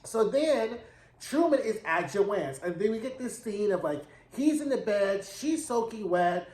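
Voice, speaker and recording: A man giving a sassy, slangy, animated recap of a TV episode in a casual commentary style. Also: high voice, a little slow. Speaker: TV episode reviewer. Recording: roomy echo.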